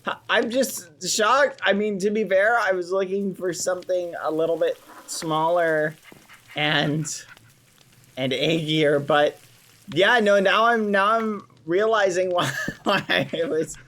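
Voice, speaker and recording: A man's voice: high-pitched, steady tone, slow pace, a bit bright. A young man streaming an in-character roleplay on a game server, gasping and exclaiming with joy on a close mic.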